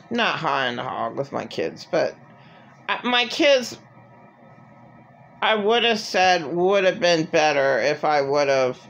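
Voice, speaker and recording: A woman's voice: mid-range voice, vocal fry, fairly bright tone, lo-fi sound. A middle-aged woman talking in an agitated, rambling personal monologue full of filler words. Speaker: vlogger.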